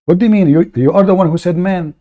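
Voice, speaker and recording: A man's voice: high-pitched, fast, dark tone, muffled recording. A man hosting a call-in debate, mocking and combative, often laughing scornfully at the caller. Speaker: debate show host.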